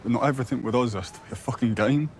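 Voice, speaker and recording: An actor playing a serious, earnest young man who speaks quietly and firmly in a TV drama scene. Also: medium pitch, very fast, a little hiss or hum, close to an everyday voice. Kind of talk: TV drama acting.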